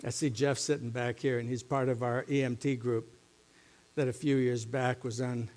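A middle-aged man, a pastor preaching a sermon in a church, moving between quiet, low musing and loud, emphatic teaching. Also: level tone, moderate pace. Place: church sanctuary.

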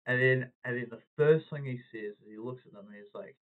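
A man, hosting a podcast and telling a story in a casual, animated way, acting out what people said. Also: mid-range voice, a little fast. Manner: animated anecdote-telling, acting out quoted lines. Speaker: podcast host. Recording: tinny phone-like audio.

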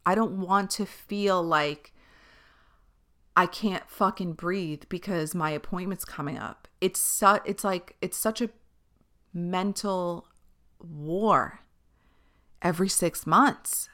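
Young woman podcast host, casual and candid, swears a lot, bright, smooth voice. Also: fairly low pitch, takes it slowly, pauses often. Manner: candid, chatty, swears freely, animated when retelling. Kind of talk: casual chat.

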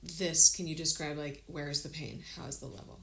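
A woman's voice: low-pitched, fairly even intonation, fairly quick, gravelly, a bit bright, poor audio. A woman hosting a casual interview, supportive, asking questions and affirming often. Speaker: podcast host. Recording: faint background noise.

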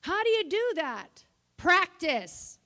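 A woman preaching a sermon, passionate at times and soft in her asides. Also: very high voice, big pitch swings, slow pace. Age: older. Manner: impassioned, swings from shouting to soft asides.

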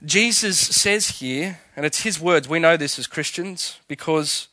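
A man's voice: on the high side, measured pace, sharp tone, no room sound. A man preaching a sermon, emphatic and full of rhetorical questions. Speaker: pastor.

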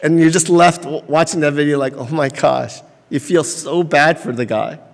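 High-voiced pastor in a reverberant hall. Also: male voice, normal speed. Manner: conversational storytelling with laughs. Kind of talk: sermon.

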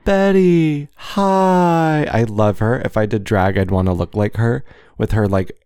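A man's voice: fairly low pitch, fairly even intonation, moderate pace, darkish tone, no room sound, clean studio sound. A man co-hosting a podcast in casual chat, campy and playful with dramatic flair, in a small room. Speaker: podcast co-host.

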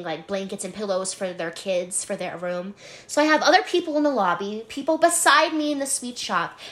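A young woman co-hosting a casual podcast, telling a work story with lots of swearing and laughter. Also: on the high side. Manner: animated, swears freely, laughs while telling. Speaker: podcast co-host, hotel front desk worker.

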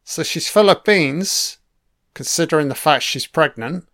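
A man's voice: on the high side, lively intonation, a little slow, a bit bright. A young man giving casual, wry film commentary, swearing freely as he reacts to the scenes. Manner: profane, wry running remarks.

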